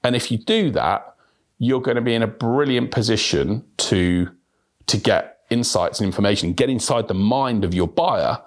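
A man hosting a sales podcast, talking on his own in a lively way, often repeating words as he restarts and acting out example questions. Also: mid-range voice, normal speed. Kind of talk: solo podcast talk.

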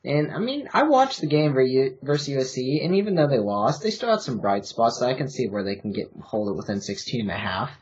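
A man's voice: mid-range voice, expressive, fairly quick, few pauses. A man co-hosting a podcast, arguing his college football picks in a hesitant, filler-heavy way. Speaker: podcast co-host. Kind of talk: casual sports-betting chat. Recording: dull, muffled podcast audio.

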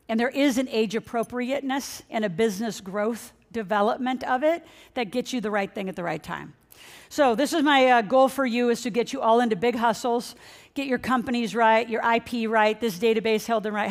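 A middle-aged woman, a financial coach, giving an energetic motivational seminar talk and speaking straight to her audience. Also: on the high side. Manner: energetic, excitable, addresses the audience directly. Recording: long hall reverb.

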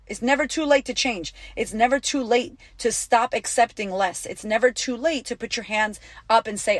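A woman's voice: fairly high pitch, moderate pace, hardly any pauses, dry recording. A woman hosting a podcast as a life coach, talking in a blunt, profane, emphatic way and repeating lines for punch. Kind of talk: casual motivational podcast talk.

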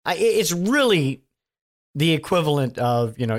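A man's voice: a little high, big pitch swings, moderate pace. A man giving a casual, sardonic monologue of political commentary, rambling with lots of fillers and restarts.

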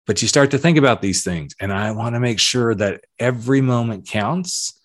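A man's voice: mid-range voice, moderate pace, no room sound, studio quality. A man in his fifties with a light Southern accent, hosting a podcast in a candid, reflective monologue with emphatic repetitions. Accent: Southern American. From southern United States. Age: 50s. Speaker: podcast host.

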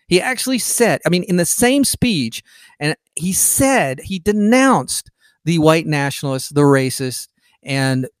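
A man's voice: fairly high pitch, no echo, studio quality. A man hosting a podcast, talking in a sarcastic, indignant monologue, full of restarts, while sick in bed. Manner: indignant, sarcastic, mocks opponents in quoted voices. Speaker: podcast host. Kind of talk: casual political monologue.

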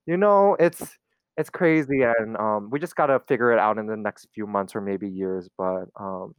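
A man's voice: lowish voice, moderate pace, smooth, no room sound, muffled recording. A young man in a casual chat, rambling with lots of "like" and "you know". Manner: rambling, many fillers. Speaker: guest.

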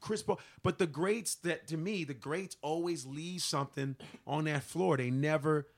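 A man's voice: a little high, a little slow, vocal fry. A man, a comedian guest on a podcast, chatting casually, cursing freely and acting out quotes in funny voices. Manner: animated storyteller, acts out quotes in funny voices; swears freely, trails off searching for names.

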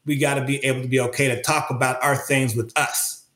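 A man talks earnestly as a guest in an interview, circling back and restarting as he searches for the right words. His voice is mid-pitched. The room around him gives a noticeable echo. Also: flat delivery, a little fast, fairly bright tone. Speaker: interview guest, creative artist. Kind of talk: reflective conversational interview. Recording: roomy echo.

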